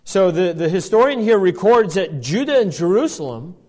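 A man's voice: sits high, big pitch swings, moderate pace, darkish tone. A man teaching from the Bible, reading passages aloud and explaining them as he goes, with frequent restarts.

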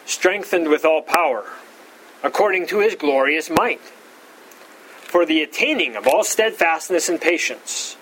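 A pastor giving an expository Bible teaching, repeating words and saying "all right" often, rising in pitch to stress key points. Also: male voice, expressive, unhurried, a bit bright, slight background noise, low-quality recording. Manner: rises in pitch for emphasis.

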